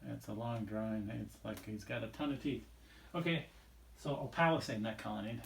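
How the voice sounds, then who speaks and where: A man's voice: fairly low pitch, fairly even intonation, moderate pace, gravelly, a little hiss or hum. Casual male biology teacher, echoey room. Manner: casual, rambling, drawing while explaining. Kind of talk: recorded video lesson.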